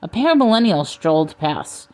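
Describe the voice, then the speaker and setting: A woman narrating a comic storybook in a dry, deadpan manner. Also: low voice, normal speed.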